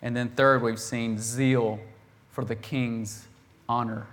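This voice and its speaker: Male preacher, mid pitch, casual sermon delivery, animated retelling with loud emphatic bursts. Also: takes it slowly. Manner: animated, acts out the quoted characters with bursts of volume; conversational, with laughs and restarts.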